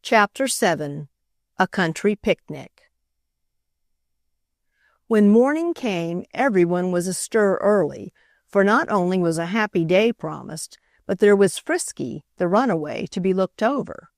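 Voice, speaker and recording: A woman narrating an old children's novel as an audiobook, in an even storytelling manner. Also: mid-range voice, unhurried, no echo, studio quality. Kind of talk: scripted narration of a children's classic.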